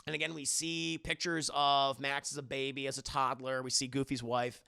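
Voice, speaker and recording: A man's voice: medium pitch, little pitch movement, normal speed, creaky, bright, forceful tone, clean tone, dry recording, studio quality. A man casually reviewing a movie on a live stream, rambling, swearing and talking to his chat. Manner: rambling, profane, talks to chat.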